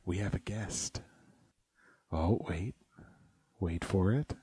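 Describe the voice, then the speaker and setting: A man's voice: low-pitched, slow pace, warm tone, a little hiss or hum. Joking, profane podcast man. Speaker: podcast co-host. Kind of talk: casual chat. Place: home basement.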